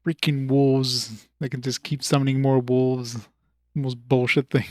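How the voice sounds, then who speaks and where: A man's voice: medium pitch, little pitch movement, a little slow, dry recording, studio quality. A man casually commenting on his own gameplay with grumbling, offhand remarks. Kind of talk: casual let's play commentary.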